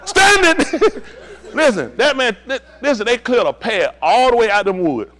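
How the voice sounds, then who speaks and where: A man telling a personal story in a casual, animated way, laughing often and acting out what others said. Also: high-pitched, moderate pace.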